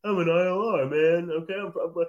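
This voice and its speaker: A man's voice: high-pitched, steady tone, a little fast, darkish tone, dull audio, pitched above the performer's own voice, close to an everyday voice. A man voicing a brash young male college kid from Long Island, cocky and drawling, ending lines with "man".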